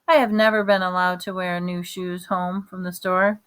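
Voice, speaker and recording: A woman's voice: on the low side, normal speed, few pauses, clean tone. Woman reading a children's novel. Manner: plain, even storytelling with small restarts. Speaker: reader.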